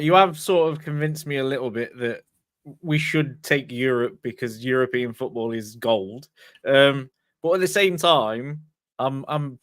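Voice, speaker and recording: A man's voice: medium pitch, a bit bright, no room sound, clean studio sound. A man speaking as a guest on a casual fan panel, agreeable and open to being convinced. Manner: agreeable, conceding.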